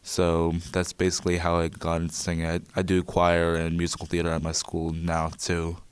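A teenage boy, a student musician, talking about his songs in a radio interview, soft-spoken and reflective, with some hesitant fillers. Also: low voice, monotone, moderate pace, smooth, dry recording. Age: teens.

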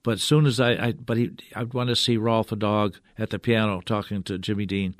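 An older man, a puppeteer, telling stories in a halting, rambling way as a guest in a radio studio. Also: on the low side, steady tone, no echo. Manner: rambling, halting, full of restarts. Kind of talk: radio interview storytelling.

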